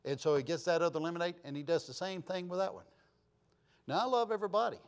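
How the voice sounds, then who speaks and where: A man preaching a sermon as a pastor, telling a folksy story with animated delivery. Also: sits high, fast talker, clear, resonant tone.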